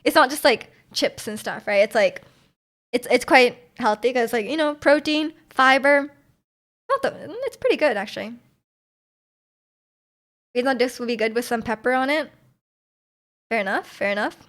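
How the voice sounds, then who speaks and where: A woman's voice: fairly high pitch, normal speed, pauses often, a bit bright. A young woman streamer chatting casually with her viewers, giggling and rambling as she answers their chat messages. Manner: giggly, rambling, trails off into mumbles.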